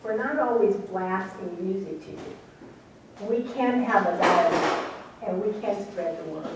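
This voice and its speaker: A woman's voice: medium pitch, a little slow. A middle-aged woman tells her story to a live audience, acting out the people she quotes. She sits well back from the mic in a very echoey hall. A faint hiss runs underneath. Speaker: radio station manager recounting events. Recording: echoey room from far off, faint noise.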